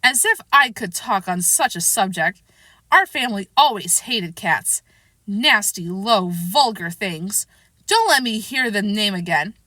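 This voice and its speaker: A woman voicing a touchy little mouse in a shrill, passionate, huffy voice. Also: animated, unhurried, pushed and bright, dry recording. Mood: indignant.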